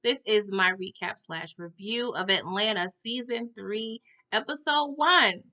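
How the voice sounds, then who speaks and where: A woman giving a casual TV episode recap, animated and slangy, often checking in with "okay?" and "y'all". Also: medium pitch, unhurried, muffled recording. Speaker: TV recap reviewer.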